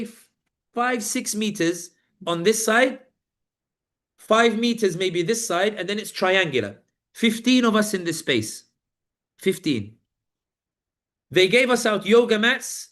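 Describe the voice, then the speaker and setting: A man's voice: sits high, fairly bright tone. A British man, a journalist, giving a personal account at a talk and vividly acting out the voices of the people in it. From Britain. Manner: vivid storytelling, acting out the voices of guards and inmates.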